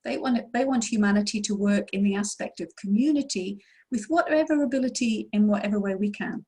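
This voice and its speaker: A woman's voice: medium pitch, a little fast, warm tone, breathy edge. A woman answering questions as a mediumship teacher in an online session, explaining in an encouraging way.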